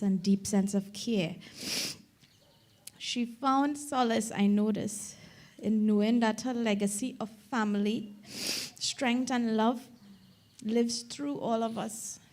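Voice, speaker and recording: Middle-aged Trinidadian woman delivering her mother's eulogy, fairly high voice, unhurried, choked-up reading. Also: a little mellow. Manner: slow, earnest reading that breaks into tears at times. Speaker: daughter giving a eulogy. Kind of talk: funeral eulogy read aloud.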